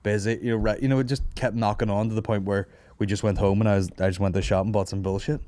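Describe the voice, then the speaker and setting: A Northern Irish man speaks rapid-fire in a fairly low, dark voice with a steady tone, hosting a podcast from an office. Hungover and tired, he rambles through a comic story, swearing constantly and often breaking into laughter.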